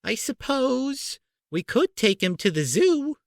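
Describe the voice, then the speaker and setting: A man doing a shrill, snappish fussy aunt. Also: sing-song, unhurried, fairly bright tone, no echo, clean studio sound, full character voice. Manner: high, shrill and nagging. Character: shrill, snappish, fussy middle-aged woman.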